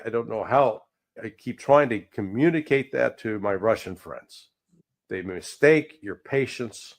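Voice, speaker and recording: A middle-aged man giving heated political commentary, indignant and emphatic with sarcastic asides. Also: medium pitch.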